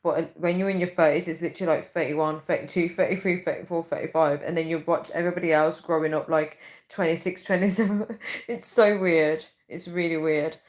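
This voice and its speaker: A woman's voice: sits low, fairly even intonation, a little fast, rough recording. A woman in her thirties hosting a casual livestream, rambling chattily and often calling her viewers "guys.". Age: 30s. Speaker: livestream host.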